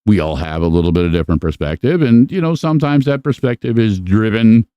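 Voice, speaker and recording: A man hosting a podcast in casual chat, rambling and profane, with animated storytelling. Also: lowish voice, fast talker, no room sound, dull audio. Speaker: podcast host.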